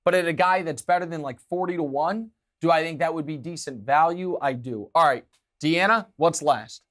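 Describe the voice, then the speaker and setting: A man hosting a sports talk show, delivering opinionated commentary in an emphatic, animated way. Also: fairly high pitch, moderate pace. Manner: emphatic, animated, talks with his hands.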